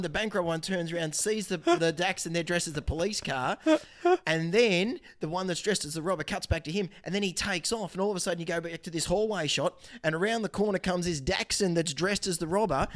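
An easygoing man with a fairly high voice, rambling through a story on a chatty podcast. He wanders along with fillers and loose asides. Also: a bit bright. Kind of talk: casual chat.

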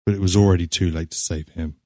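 Low-voiced guy reading a short story, steady and serious, dry close mic. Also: fast, no room sound. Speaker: narrator. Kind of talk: scripted story narration.

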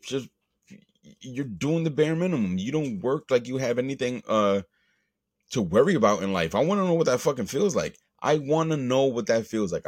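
A Latino man hosting a podcast, rambling through a profane, animated rant with the odd put-on voice. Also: medium pitch, dry recording, clean studio sound. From Latino, grew up in the US. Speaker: podcast host. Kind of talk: casual monologue.

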